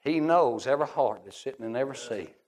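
A middle-aged man preaching a revival-style sermon in a church service. He is fervent and swings from hushed storytelling to shouting. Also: mid-range voice, animated, fast.

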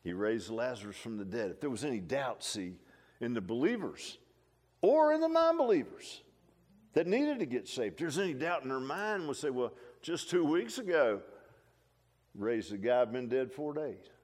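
An older man preaching a folksy, animated sermon, full of restarts and asides like "huh?". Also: mid-range voice, moderate pace.

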